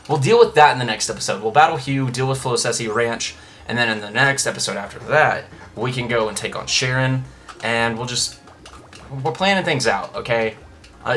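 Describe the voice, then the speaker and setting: A young man talks his way through a video game in a bright, forceful voice, rambling from one aside to the next and often restarting his sentences. His pitch sits in a middle range for a man. Faint game music plays behind him. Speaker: Let's Play host. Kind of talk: casual gameplay commentary.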